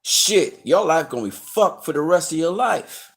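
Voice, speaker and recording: A fairly high, gravelly male voice with a breathy edge, expressive and at normal speed, belongs to an online commentator ranting off the cuff. Heavily profane and blunt, he lectures and warns his viewers in slangy, emphatic talk that heats up.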